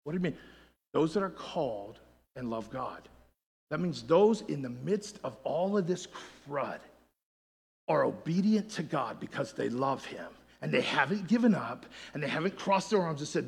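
A middle-aged pastor preaching a sermon, swinging between shouted passages and quieter talk to the church. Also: male voice, fairly high pitch, big pitch swings, normal speed, vocal fry, slightly rough, big-room sound. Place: church sanctuary.

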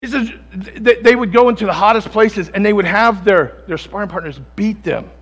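A man preaching a sermon as pastor, swinging from quiet low passages to loud, near-shouting stories, in a church sanctuary. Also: fairly quick. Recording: long reverb from a large hall.

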